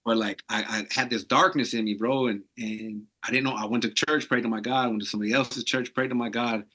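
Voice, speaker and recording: A man from Arizona opens up as a podcast guest, his voice bright and forward yet husky at the edges. He talks in loose, slangy runs, tossing in "bro" constantly while staying earnest and reflective. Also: mid-range voice, fairly even intonation, a little fast. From Arizona, USA. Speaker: podcast guest, tattoo artist. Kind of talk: casual candid storytelling.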